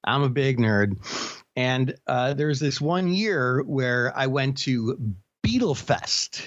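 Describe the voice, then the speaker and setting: A man's voice: medium pitch, lively intonation, slow, no echo, lo-fi sound. Rambling man chatting on a podcast. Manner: rambling storyteller with many restarts. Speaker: podcast co-host. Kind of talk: casual chat.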